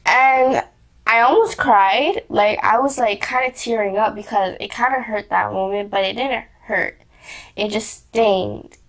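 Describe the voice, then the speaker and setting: A woman's voice: a little high, unhurried. A young woman vlogger telling a casual story, rambling with lots of fillers, restarts and giggles.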